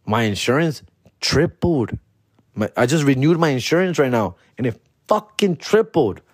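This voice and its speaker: A man hosting a comedy podcast and telling a profane, slangy story, dropping in Spanish slang and jumping high in pitch when he quotes himself. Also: sing-song, moderate pace, husky, no room sound, clean studio sound. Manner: jumps high in pitch for his own quoted outbursts. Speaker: podcast host.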